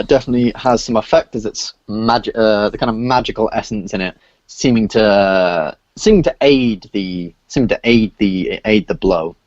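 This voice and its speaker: Low-voiced man running a tabletop game. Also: darkish tone, dry recording. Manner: halting, many filler sounds while describing. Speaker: dungeon master. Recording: dull lo-fi audio.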